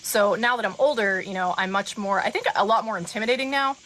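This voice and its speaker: Bright, bold young woman telling stories. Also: medium pitch, fast, a little hiss or hum. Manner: blunt, animated storyteller. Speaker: podcast guest. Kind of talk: casual chat.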